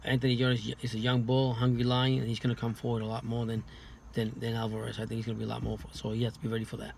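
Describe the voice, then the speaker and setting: Male boxing guest, flat monotone, halting speech with restarts. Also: mid-range voice, gravelly, a little hiss or hum. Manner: halting, many restarts and repeated words. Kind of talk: casual podcast chat.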